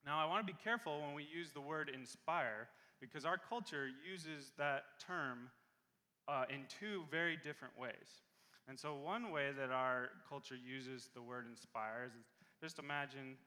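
A man preaching a sermon as pastor in a church, earnest and repeating key phrases slowly for emphasis. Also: on the high side, sharp tone, in a large hall. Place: church sanctuary.

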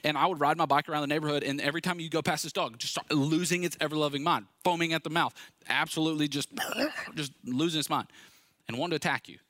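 A man's voice: on the high side, steady tone, fast, bright, forceful tone, dry recording. A man preaching a sermon, telling personal stories in an earnest, conversational way that builds to urgent appeals. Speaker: pastor.

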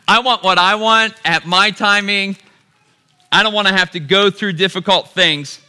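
A man preaches a sermon, speaking to his listeners as "y'all". His voice sits high for a man and rings very bright and forceful. He drives points home by repeating short phrases. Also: unhurried, clear, resonant tone. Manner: addresses the crowd as "y'all", builds to emphatic repeated lines.

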